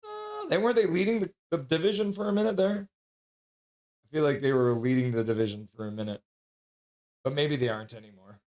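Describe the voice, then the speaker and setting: A young man hosting a live stream, casually chatting and reading viewer comments aloud with quick asides. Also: fairly high pitch, big pitch swings, darkish tone. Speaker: livestream host reading chat. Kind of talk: casual live reaction chat.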